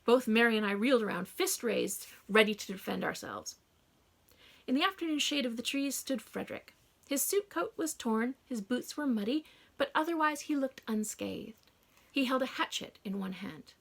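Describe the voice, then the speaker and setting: A woman reads a first-person audiobook in a hushed, dramatic manner. Her voice sits a little high and carries a gravelly fry. She keeps it close and storytelling. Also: lively intonation, moderate pace. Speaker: audiobook narrator.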